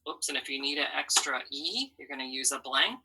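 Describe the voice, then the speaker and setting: A woman's voice: very deep voice, expressive, a little fast, pushed and bright, breathy edge, poor audio. A woman teaching a phonics lesson to children, patiently sounding out letters and syllables and encouraging them.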